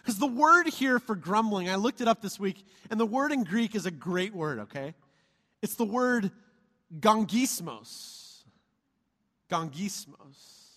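A male pastor preaches with a high, bright-pitched voice, playful and animated as he calls out to his congregation for amens. His voice rings through a church sanctuary with a long, reverberant tail. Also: moderate pace, hardly any pauses. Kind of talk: sermon. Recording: reverberant hall.

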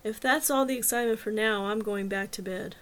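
A woman's voice: mid-range voice, fairly quick, a bit bright, natural voice. Woman playing a drowsy college girl. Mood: sleepy. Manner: drowsy and casual. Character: sleepy young female college student.

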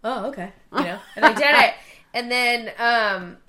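A woman's voice: fairly high pitch, unhurried, sharp tone. A woman in her thirties co-hosting a casual podcast chat, swearing freely and acting out what others said with big jumps in her voice. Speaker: podcast co-host.

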